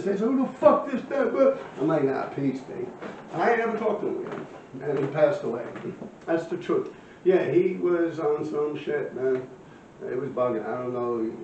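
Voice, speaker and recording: A man's voice: a little high, a little hiss or hum. Streetwise New man in his fifties. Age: 50s. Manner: streetwise, profane, rambling with frequent fillers. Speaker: storyteller. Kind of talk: casual storytelling. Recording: echoey, distant, muffled room recording with faint ambience.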